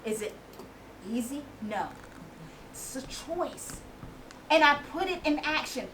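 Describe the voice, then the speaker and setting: Woman in her late 40s, very high voice, bright tone, animated testimony, distant mic with faint crowd. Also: takes it slowly. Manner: animated storytelling, laughing and exclaiming. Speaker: inspirational speaker. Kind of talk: testimony at a women's conference. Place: conference venue with a small audience. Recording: distant mic with faint audience and room noise.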